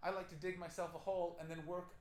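A man doing improvised stand-up as host of a live podcast in a small comedy club, teasing and swearing at the audience with quick, playful energy. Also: high-pitched, flat delivery. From Canada. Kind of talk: improvised stand-up crowd work. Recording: roomy club sound with crowd. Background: audience laughter.

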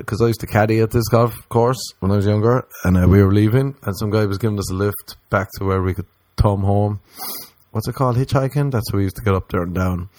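An Irishman with a Cork accent tells comic stories in a rambling, animated chat packed with crude humor and tangents. His voice is lowish and the recording is dry.

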